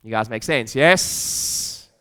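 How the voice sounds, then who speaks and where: A man's voice: mid-range voice, animated, takes it slowly, pushed and bright, smooth. A middle-aged man speaking on stage at a seminar, emphatic and repetitive, acting out his own doubting inner voice and putting questions to the audience. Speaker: speaker at a practice-building seminar. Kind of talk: motivational stage talk.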